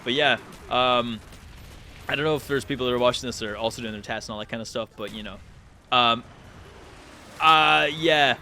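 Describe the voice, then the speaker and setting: Animated young man telling a story. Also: moderate pace, long pauses, slight background noise. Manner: animated, swears freely, jumps to high pitch when excited. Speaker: channel host. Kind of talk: casual storytelling commentary.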